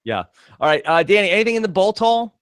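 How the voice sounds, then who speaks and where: Brief: male podcast host, clear and smooth, close and dry sound. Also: high voice, big pitch swings, fast talker, fairly bright tone, no echo. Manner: rambling, heavy on "like" and "uh". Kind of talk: casual comedic chat.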